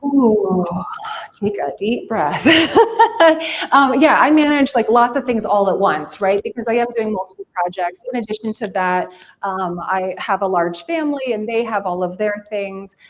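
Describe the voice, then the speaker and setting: A woman's voice: mid-range voice, normal speed, poor audio. A woman speaker answering audience questions at a morning event, chatty, full of "um" and "right?". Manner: chatty, filler-heavy with frequent "right?" and "um". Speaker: featured speaker. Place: event venue.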